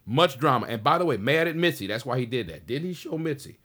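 A man in his sixties from the Pacific Northwest, a stand-up comedian telling a slangy, animated story in a casual interview and acting out the dialogue. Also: mid-range voice, fast talker.

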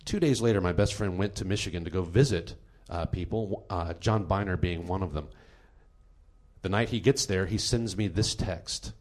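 A man hosting a comedy podcast, telling a true story in an animated, laughing way. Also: low-pitched, moderate pace.

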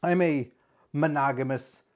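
A man's voice: fairly high pitch, unhurried. A man from Southern California in his thirties, hosting a podcast as a casual solo chat, rambling and joking at his own expense. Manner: rambling, self-mocking, jokey, with animated put-on voices. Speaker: podcast host.

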